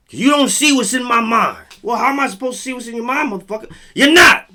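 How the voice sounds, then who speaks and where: A man's voice: very high-pitched, expressive, fast, hardly any pauses, sharp tone. A man hosting a vlog, reading text aloud and breaking into blunt, profane rants. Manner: blunt, heavy swearing. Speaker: vlog host. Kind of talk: profane commentary monologue.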